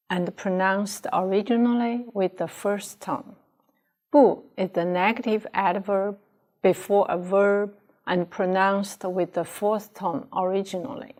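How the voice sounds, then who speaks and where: In a careful classroom lesson, a native-Chinese-speaking woman with a Chinese accent teaches pronunciation, pronouncing words slowly so students can repeat them. She has a mid-range voice with a darkish tone.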